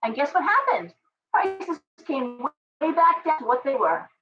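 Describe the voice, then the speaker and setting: A middle-aged woman hosting a casual livestream tarot reading, chatty and ranting with animated asides. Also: sits high, a little slow, distant mic, dull audio. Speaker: tarot reader and live stream host.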